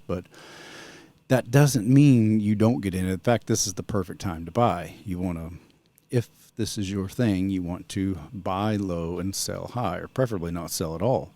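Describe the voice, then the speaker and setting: A man's voice: deep voice, mellow. A middle-aged man vlogging in a casual, rambling chat that drifts onto sidetracks.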